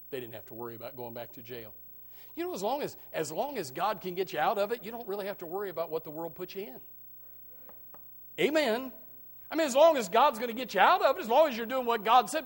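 A man preaching a sermon, swinging from loud, emphatic preaching to low, quiet asides, often calling out amen and repeating words as he starts his sentences. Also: animated, a little fast. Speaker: pastor.

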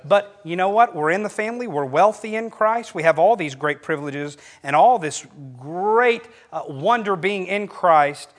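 A man's voice: high voice, moderate pace, hardly any pauses. A middle-aged male pastor preaching a sermon, telling stories with a voice that climbs for quoted lines. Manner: animated storytelling, voice rising for quoted lines.

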